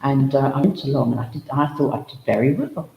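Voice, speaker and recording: A man who works as a spiritualist medium gives a chatty, humorous demonstration at a village hall service, full of asides and anecdotes. He speaks quickly at medium pitch. The recording is muffled, with echoey hall reverb and faint noise.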